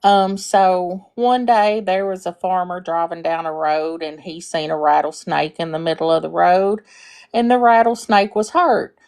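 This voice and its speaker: Brief: earnest female caller, casual, relaxed storytelling. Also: lowish voice, unhurried, clear, resonant tone. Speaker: caller on a live stream.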